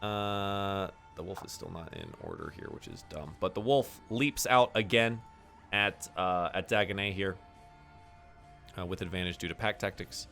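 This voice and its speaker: A man's voice: low-pitched, moderate pace, gravelly, faint music behind. A man narrating a tabletop game as game master, playful and full of fillers. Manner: lively and playful, with many fillers.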